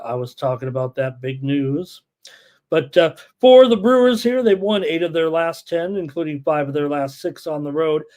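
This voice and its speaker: An excitable man hosts a live sports betting show, reading viewer chat aloud and peppering his speech with "uh." His voice sits a little high.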